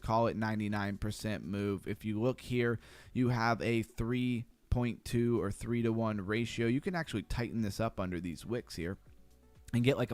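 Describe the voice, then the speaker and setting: Fast-talking man streaming crypto charts. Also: fairly low pitch, no echo. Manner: fast-talking, easily sidetracked, chatty. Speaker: crypto livestream host. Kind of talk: casual livestream chart analysis.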